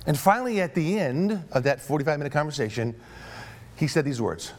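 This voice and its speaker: A man's voice: medium pitch, very animated, brisk, darkish tone. A middle-aged man, a pastor, telling a story in a sermon, acting out both sides of a phone call and stammering when he gets worked up.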